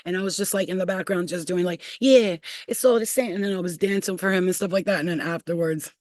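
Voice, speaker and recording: A woman's voice: fairly low pitch, little pitch movement, quick pace, dry recording. Blunt, profane woman telling stories. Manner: blunt, profane, laughs often. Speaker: livestream host. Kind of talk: casual storytelling to live chat.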